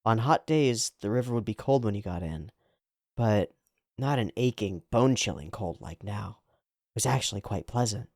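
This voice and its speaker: A man voicing a gentle, nostalgic older brother while reading a comic aloud. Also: on the low side, lively intonation, normal speed, no room sound, clean studio sound.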